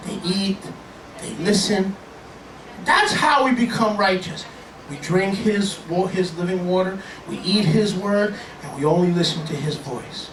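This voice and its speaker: A man preaching a sermon as a pastor, animated, joking, and putting on voices to act out his stories. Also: sits high, slight background noise. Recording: echoey room, distant from the mic, faint ambience.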